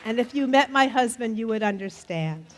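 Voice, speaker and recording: A middle-aged woman telling folktales live in a festival tent, playful and animated, joking with the audience and leading them in refrains. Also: on the high side, normal speed, background noise. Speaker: storyteller. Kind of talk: live storytelling performance. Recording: faint audience crowd behind. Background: faint crowd of listeners.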